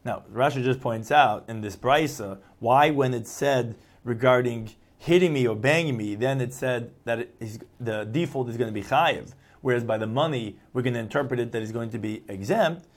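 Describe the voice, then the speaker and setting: A man's voice: medium pitch, moderate pace, hardly any pauses. A man giving a Talmud lesson. He translates each phrase into plain English and acts out the quoted replies by changing his tone. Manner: explains each phrase in English after reading it. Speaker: Talmud teacher. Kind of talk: Talmud lecture.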